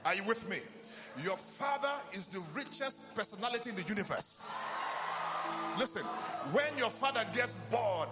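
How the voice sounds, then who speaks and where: A man with a very high voice preaches, shouting and repeating his calls to the crowd. Loud music plays behind him, and the recording is muffled. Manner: shouting, repetitive calls to the congregation. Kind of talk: sermon.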